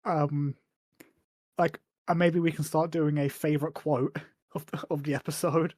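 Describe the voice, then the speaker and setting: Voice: medium pitch, level tone, unhurried, a little mellow, no room sound. A podcast co-host recapping episodes casually, often hesitating with ums and dry asides. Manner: hesitant, lots of ums, wry.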